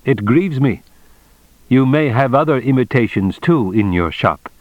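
A man reading an audiobook, voicing a courteous, stiffly formal male envoy who talks in slow, measured phrases. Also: medium pitch, lively intonation, no echo, muffled recording, pitched above the performer's own voice, natural voice. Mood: polite, cutting.

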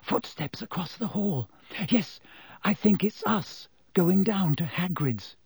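A man's voice: extremely high pitch, big pitch swings, slow, warm tone, husky, no echo, clean studio sound, pitched above the performer's own voice, heavily acted. A man voicing an anxious, clever teenage schoolgirl witch in an audiobook, speaking urgently and breathlessly. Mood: whispering. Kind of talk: audiobook character voice.

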